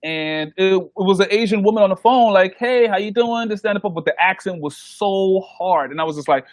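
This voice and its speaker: Animated New man telling DJ stories. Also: sits high, brisk, dry recording. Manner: animated, acts out quoted voices, laughs often. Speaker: DJ guest. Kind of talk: casual interview storytelling.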